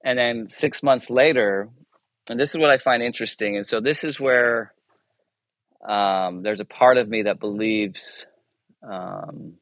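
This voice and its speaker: A man's voice: fairly low pitch, unhurried, a bit bright, dry recording. Rambling storyteller man, dry sound. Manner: rambling, self-interrupting, chuckles often; acts out dialogue in his anecdotes. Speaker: guest, military chaplain. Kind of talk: casual storytelling interview.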